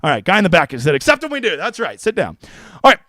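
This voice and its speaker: A man doing casual livestream commentary with a brash, jokey edge and plenty of swearing. He talks fast in a fairly high voice and gets excitable. The sound is dry and close. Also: no room sound. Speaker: fantasy golf streamer.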